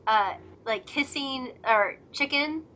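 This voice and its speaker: A woman's voice: high-pitched, takes it slowly, sharp tone. A young woman co-hosting a casual drama discussion, chatty and giggly, acting out scenes in quoted voices. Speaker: co-host of a drama discussion channel. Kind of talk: casual chat.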